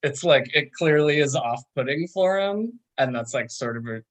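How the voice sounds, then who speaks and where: A man's voice: lively intonation, normal speed. A man from Long Island casually recapping a film on a podcast, acting out the characters' lines. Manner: laid-back, chatty, acts out characters' lines with big jumps in pitch. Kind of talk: casual chat.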